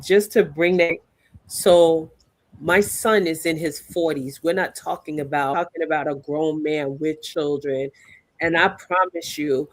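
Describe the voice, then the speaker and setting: A woman in her sixties on a podcast, talking bluntly and passionately, straight to the host. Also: low-pitched. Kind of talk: casual podcast discussion.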